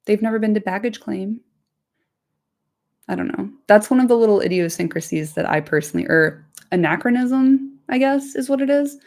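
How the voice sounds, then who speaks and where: A woman's voice: medium pitch, creaky, darkish tone. A woman hosting a book reading, narrating and breaking off into casual asides to live chat with some swearing. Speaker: host reading a book aloud.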